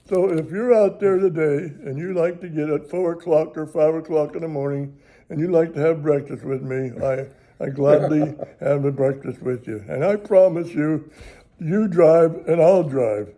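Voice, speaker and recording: A man's voice: fairly high pitch, moderate pace, dark tone. An older American man, a ministry television host, telling a rambling, chuckling story in folksy everyday grammar. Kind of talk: casual storytelling.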